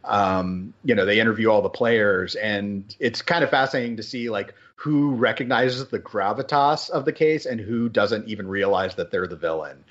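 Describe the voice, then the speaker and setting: A man hosting a podcast in a casual, rambling chat, animated and full of fillers. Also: lowish voice, moderate pace, few pauses, lo-fi sound. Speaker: podcast host.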